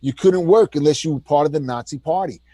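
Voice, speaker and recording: A man co-hosting a heated political talk show, ranting with energy and mocking whoever he disagrees with. His voice sits fairly high for a man. The sound is dry and close, with no room echo. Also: a little fast, mellow. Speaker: co-host.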